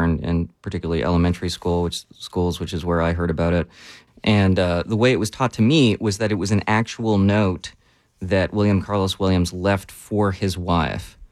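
Lively low-voiced man reading poems. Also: no room sound, clean studio sound. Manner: animated, reads poems aloud with feeling. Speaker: poet and guest. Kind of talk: casual chat with poem readings.

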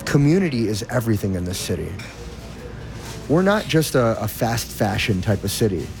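A man's voice: on the low side, sing-song, moderate pace, creaky. A man, a food influencer, speaking earnestly in an interview. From Detroit. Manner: earnest and heartfelt.

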